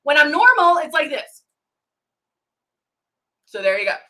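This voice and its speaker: A woman's voice: high voice, very animated, measured pace, pushed and bright. A middle-aged woman hosting a makeup live stream, chatting casually as she works and greeting viewers by name. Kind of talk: casual demo chat.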